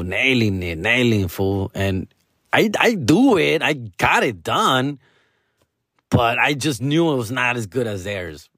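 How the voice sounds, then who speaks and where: A man's voice: lowish voice, no room sound, clean studio sound. Profane Chicano guy vlogging, slangy. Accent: Chicano, English mixed with Mexican Spanish slang. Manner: slangy, profane, animated, acts out quotes. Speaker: vlogger taking acting classes. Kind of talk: casual monologue to viewers. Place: small dim room with a lamp.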